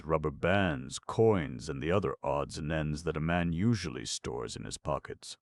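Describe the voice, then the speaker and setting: A man narrating a classic children's fantasy audiobook in a measured, expressive reading. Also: extremely low pitch, vocal fry, no echo, studio quality. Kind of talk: scripted storybook narration.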